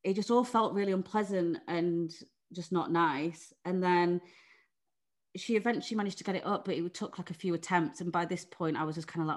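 A woman's voice: fairly low pitch, steady tone, fairly quick. A young English woman telling a personal story in a frank, chatty way, with lots of "like" and "you know" and some swearing. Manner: candid, frank, chatty, with swearing and many fillers. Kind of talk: casual conversation.

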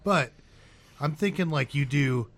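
A man in casual podcast chat, pitching a food idea with hesitant fillers. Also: animated, measured pace, a bit bright. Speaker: podcast co-host.

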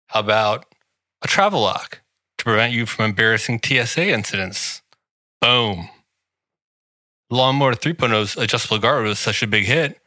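Speaking on the low side with a bright, forceful tone and no echo, this Washington, D.C. man hosts a podcast and is reading an ad. It's a comedic read, sarcastic and mock-grandiose, poking fun at the listener.

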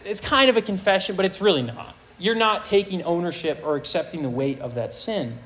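A male pastor preaching a sermon to a high school audience, reading scripture aloud with earnest emphasis. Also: animated, fairly quick, hardly any pauses, a bit bright, rough recording.

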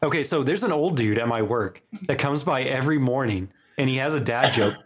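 A man's voice: mid-range voice, a little fast, slight background noise. A man co-hosting a gaming podcast from home over an online call, chatting casually and telling stories with jokes and animation. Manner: joking, animated storyteller. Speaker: podcast co-host. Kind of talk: casual chat.

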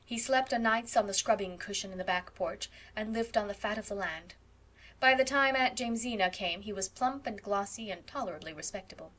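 Expressive woman narrating a classic novel. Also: mid-range voice. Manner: expressive storytelling. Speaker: audiobook narrator. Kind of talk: scripted narration.

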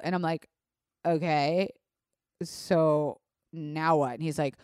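A young woman hosting a vlog, telling a personal story in a casual, animated way, swearing often and filling her talk with "like". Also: low voice, measured pace, clean tone, no room sound, studio quality. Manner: animated, profane, lots of "like". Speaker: vlog host.

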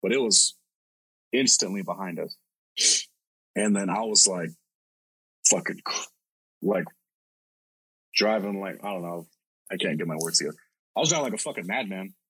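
Husky low-voiced man telling a story. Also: lively intonation, moderate pace, pauses often, fairly bright tone, no echo, low-quality recording. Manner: rambling, profane, lots of "like". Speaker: podcast host. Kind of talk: casual storytelling.

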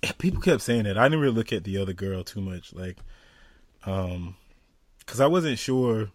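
A man co-hosting a podcast in casual, slangy chat, animated and quick to laugh, a little stuffy from sinus trouble. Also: fairly low pitch, dry recording. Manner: animated, laughs often, loose slangy talk. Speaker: podcast co-host.

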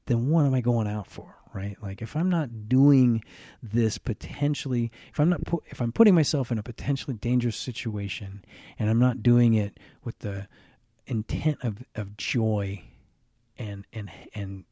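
A man's voice: mid-range voice, normal speed, mellow, no echo, clean studio sound. A man hosting a podcast, talking earnestly and reflectively on his own, often restarting phrases and adding "right?" asides. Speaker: podcast host. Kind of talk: reflective solo podcast monologue.

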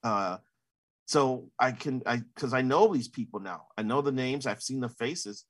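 A man's voice: medium pitch, a little slow. A man in his fifties, a sportswriter, answering interview questions in a casual, rambling way full of "you know" fillers.

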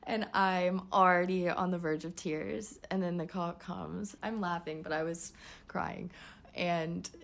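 A woman's voice: lowish voice, steady tone, measured pace, creaky. A woman in her twenties hosting a podcast, giving a candid personal update in a chatty way and laughing often. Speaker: podcast host. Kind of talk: casual personal life update.

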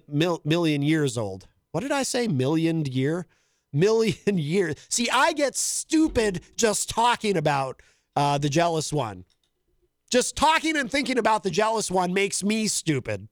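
A man's voice: a little high, no echo. A man hosting a podcast, rambling and mocking himself, breaking into laughs at his own jokes. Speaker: podcast host. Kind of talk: casual monologue.

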